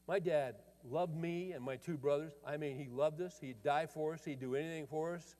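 An older pastor preaches a folksy, conversational sermon built around family stories, often restarting his phrases. His voice is on the high side and a little mellow, at a normal speed, with the long reverb of a large hall.

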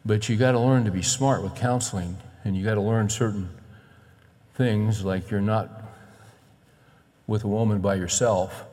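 A man's voice: fairly low pitch, normal speed. Man preaching in a reverberant hall. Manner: animated preaching, acts out quoted voices. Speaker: pastor. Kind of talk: sermon. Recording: long reverb of a large hall.

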